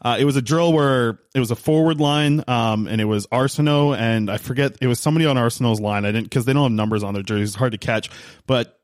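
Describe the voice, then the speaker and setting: A man's voice: mid-range voice, quick pace, dry recording, studio quality. A man co-hosting a casual hockey podcast, telling stories with lots of restarts and fillers. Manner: rambling storyteller with many restarts. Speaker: podcast co-host, hockey reporter. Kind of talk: casual sports podcast chat.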